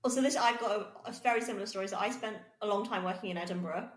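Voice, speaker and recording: Lively woman in an echoey room. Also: medium pitch, racing. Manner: lively, prompting, laughs often. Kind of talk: casual podcast conversation. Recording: roomy echo.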